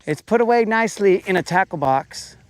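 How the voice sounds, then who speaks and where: A man's voice: high-pitched, animated, fairly quick. A man hosting a fishing show, giving laid-back, joking commentary from a boat on a lake.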